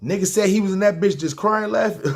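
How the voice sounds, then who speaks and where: A man with a New York accent telling a personal story on a podcast in a laid-back, profane way, acting out what others said and repeating his catchphrases. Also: sits high. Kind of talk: casual spoken storytelling.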